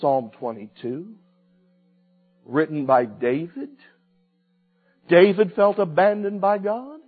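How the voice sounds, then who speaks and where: Male preacher, slow deliberate delivery, dramatic swings between loud and hushed, tinny lo-fi sound, faint music behind. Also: high-pitched, husky. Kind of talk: sermon.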